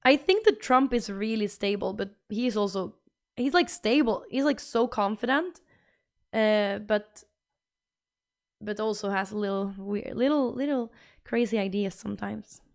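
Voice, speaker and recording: A woman streamer in casual chat, rambling and halting with fillers. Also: mid-range voice, gravelly.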